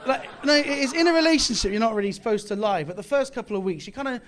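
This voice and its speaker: British male stand-up, high voice, cocky self-mocking delivery, live club with faint crowd. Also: racing, a little hiss or hum. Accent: British English. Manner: boastful deadpan bravado, self-mocking. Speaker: stand-up comedian. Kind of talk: stand-up set. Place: comedy club, live audience. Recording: live club with audience laughter.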